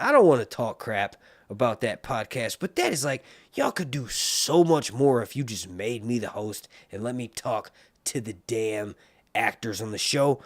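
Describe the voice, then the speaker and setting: A man chats casually on a livestream, rambling and excitable. His voice sits in a middle pitch and the recording is dry and close, with no room sound. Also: normal speed, dry recording. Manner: rambling, animated, mutters asides to himself. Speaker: livestream host reviewing a TV series.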